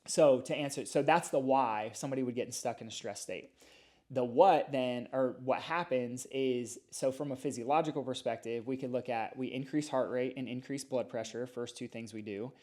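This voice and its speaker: A middle-aged man, a chiropractor, explaining and telling stories in a casual podcast interview, talking in a lively, animated way. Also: medium pitch, moderate pace. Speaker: chiropractor guest.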